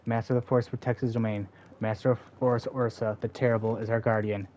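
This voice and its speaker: A man's voice: medium pitch, flat delivery, fast talker, darkish tone, a little hiss or hum, natural voice. A man reading aloud the lines of a proud, bitter forest seer who is a mother, in a stern, defiant, dismissive manner. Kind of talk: reading game dialogue aloud.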